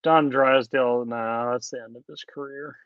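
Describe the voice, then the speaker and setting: A man co-hosting a casual talk show, animated and argumentative, getting loud when he presses a point. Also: medium pitch, moderate pace, no echo, muffled recording. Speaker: podcast co-host. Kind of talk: casual chat.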